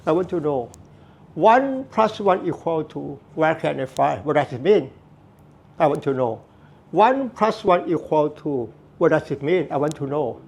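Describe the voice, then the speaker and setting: A man's voice: on the high side, expressive, measured pace, vocal fry, a little mellow, slightly rough. A man giving a Buddhist teaching talk, earnest and repetitive, with non-native phrasing. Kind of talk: slow spoken Dharma talk.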